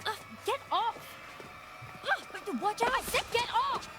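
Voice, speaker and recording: A shrill frightened young counselor. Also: female voice, lively intonation, measured pace, over music. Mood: panicked. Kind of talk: video game voice acting.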